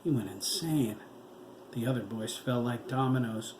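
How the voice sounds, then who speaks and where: Slow dramatic man reading horror. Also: mid-range voice, darkish tone. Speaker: author reading his own novel. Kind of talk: audiobook narration. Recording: echoey room with faint background noise.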